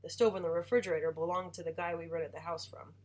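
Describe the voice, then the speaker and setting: Husky woman reading a novel aloud. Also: on the low side, little pitch movement, quick pace. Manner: reads dialogue with raised voice for the father, quieter for the mother. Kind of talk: read-aloud storytelling.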